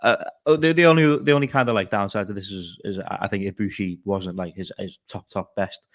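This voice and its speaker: A man's voice: lowish voice, fairly quick. A man co-hosting a podcast, talking casually with frequent restarts and fillers. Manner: hesitant, many restarts and fillers. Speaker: podcast co-host. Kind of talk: casual wrestling podcast chat.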